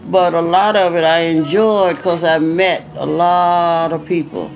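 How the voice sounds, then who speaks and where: An older woman, once a singer, tells stories casually in an interview, acting out the voices of the people in them and dropping in "you know" often. Her voice is fairly low, a little slow, and fairly even in intonation, with soft music in the background.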